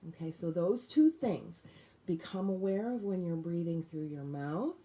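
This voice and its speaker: A woman teaching a guided breathing lesson, giving calm, deliberate instructions. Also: on the low side.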